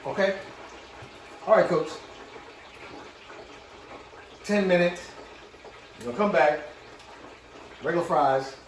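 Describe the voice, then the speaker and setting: A man's voice: sits high, takes it slowly, long pauses, slight background noise. Hyped man chatting over his fryer. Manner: hyped, repeats catchphrases, addresses viewers as cooks. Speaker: cooking vlogger. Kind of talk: casual cooking chat to camera. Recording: echoey room.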